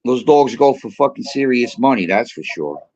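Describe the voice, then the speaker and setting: A man's voice: mid-range voice, lively intonation, moderate pace, darkish tone, highs cut off, a little hiss or hum. A man telling heated, profane stories in casual live-stream chat, a regular of the show. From Puerto Rico.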